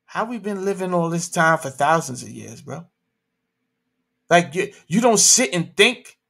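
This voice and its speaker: A man holds forth on his livestream, throwing out rhetorical questions and street slang. His voice sits fairly high for a man and comes out hard, bright and pushing. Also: animated, a little slow, vocal fry. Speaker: livestream host. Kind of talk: animated opinion talk.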